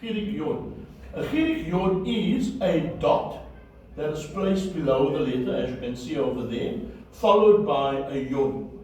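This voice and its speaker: A man with a fairly high, somewhat mellow voice lectures on Biblical Hebrew at an unhurried pace, his intonation lively. He repeats key terms and confirms his students are following. The room is very echoey, the mic distant, and faint noise can be heard.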